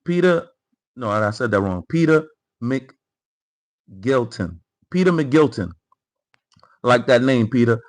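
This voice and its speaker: A man's voice: medium pitch, expressive, unhurried, pauses often, low-quality recording. A man hosting a live political commentary stream. He reads chat comments aloud, repeats phrases and talks straight to his viewers. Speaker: livestream host.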